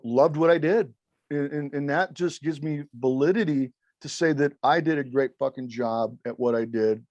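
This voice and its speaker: Man, candid interview guest, swears a lot, acts out quotes, medium pitch, dry recording. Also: a little mellow, dry recording. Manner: profane, emphatic, acts out quotes. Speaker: former wrestling referee, podcast guest.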